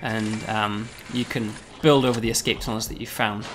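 A man, a game developer, casually explaining a game demo, often pausing on "um" and checking with "right?". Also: fairly low pitch, fairly even intonation, a bit bright, a little hiss or hum.

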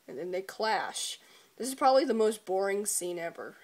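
A woman's voice: medium pitch, animated, normal speed. A woman giving a casual, joking episode recap, irreverent and giggly, swearing often and breaking into laughter. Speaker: video reviewer.

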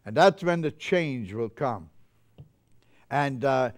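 Fervent older man preaching, smooth voice. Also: on the high side, lively intonation, a little slow. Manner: fervent, gets carried away with joy. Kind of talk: sermon. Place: chapel.

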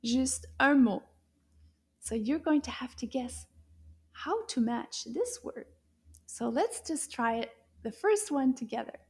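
High, slow-talking woman teaching kids. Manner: animated, exaggerated gasps and wows for kids; asks the listener to repeat after her. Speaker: children's French teacher. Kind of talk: children's language lesson.

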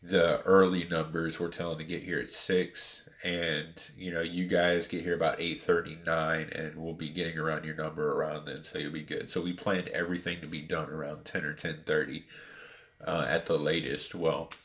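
A man casually retelling a story about buying sneakers, animated and full of fillers. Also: extremely low pitch, normal speed. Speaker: sneaker reviewer.

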